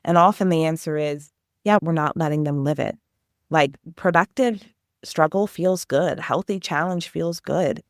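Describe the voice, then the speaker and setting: Earnest lower-voiced woman explaining. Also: moderate pace, no echo, clean studio sound. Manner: enthusiastic, earnest, animated explaining with acted-out teacher questions. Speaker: education consultant guest. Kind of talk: conversational interview answers.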